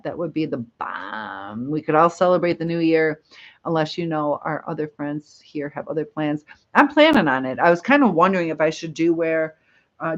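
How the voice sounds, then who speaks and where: Woman doing a casual live chat, reads comments out loud, laughs easy, kinda muffled audio. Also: sits low. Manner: chatty, reads comments aloud, laughs often. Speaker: live stream host reading viewer comments.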